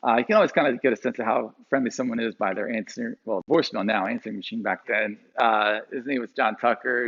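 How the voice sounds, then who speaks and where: A middle-aged man from Philadelphia telling a personal story to a live audience, often repeating words and jumping up in pitch when he quotes people. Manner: halting, repeats words, acts out quotes with sudden high pitch. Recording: dull lo-fi sound.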